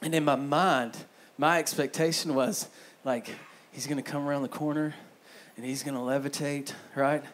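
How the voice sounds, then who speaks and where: A man's voice: fairly high pitch, steady tone, moderate pace, a little hiss or hum. A man in his thirties preaching a sermon as pastor in a church, joking and acting out inner voices. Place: church sanctuary.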